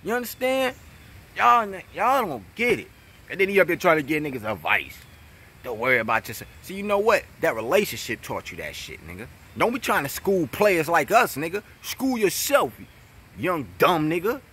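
A young man with a New York accent, ranting in a vlog with a husky, fairly high voice that swings all over. His talk is mocking and profane, loud jabs then low mutters, with a bright edge. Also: very animated, moderate pace. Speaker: battle rap commentator. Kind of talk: trash-talking vlog rant.

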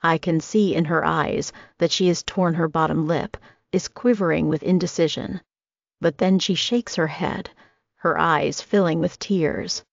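A woman narrating a first-person audiobook with a steady, dramatic reading. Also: low voice, unhurried, creaky, no room sound. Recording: dry, slightly muffled recording.

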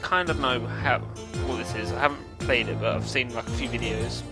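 A young man talks through a game he is playing, rambling and hesitant, with plenty of fillers and restarts. His voice sits at a middling pitch. Loud game music plays under him the whole time. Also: steady tone, moderate pace. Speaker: gameplay video host. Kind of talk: casual gameplay commentary.

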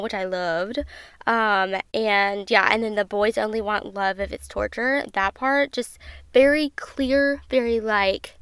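A woman's voice: on the high side, a bit bright, clean tone, no room sound. A woman, hosting a podcast and gushing over music in bubbly, casual chat. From Southern United States. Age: 20s. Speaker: podcast host.

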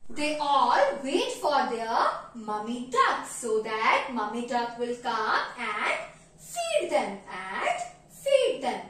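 A woman's voice: fairly high pitch, very animated, takes it slowly, fairly bright tone, heavy reverb. A woman teaching a nursery English lesson to young kids, stretching out letter sounds in a sing-song way. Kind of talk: online children's lesson.

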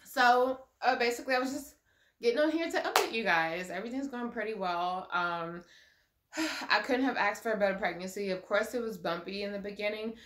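A woman's voice: mid-range voice, expressive, brisk, fairly bright tone. A young woman vlogging a casual pregnancy update, chatty and gushing, with lots of ums and likes. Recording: echoey room.

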